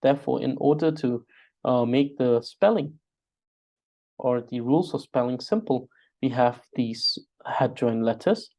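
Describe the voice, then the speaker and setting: A man's voice: medium pitch, unhurried, a little mellow. A man teaching an online spelling lesson over a video call, hesitant with many filler sounds, drilling syllables aloud one by one. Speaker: language teacher.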